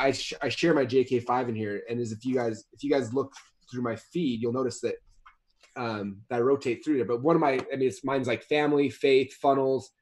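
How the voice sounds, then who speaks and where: A man's voice: mid-range voice, a little mellow. A man in his thirties, a guest author in a casual interview, talking in a rambling way with many restarts and repeated words.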